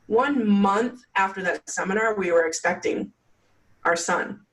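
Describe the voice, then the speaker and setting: A woman's voice: medium pitch, unhurried, fairly bright tone, far from the mic, low-quality recording. A woman guest telling her story in a casual interview, chatty and full of "like" fillers. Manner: chatty, many "like" fillers, acts out quotes. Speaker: podcast guest.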